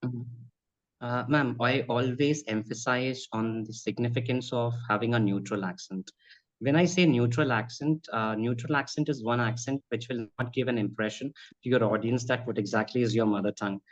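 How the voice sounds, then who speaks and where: A man's voice: mid-range voice, normal speed. Earnest man. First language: Bhojpuri. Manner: earnest, advisory, keeps addressing her as ma'am. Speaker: spoken English and accent trainer. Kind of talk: conversational interview answers. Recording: slightly dull lo-fi audio.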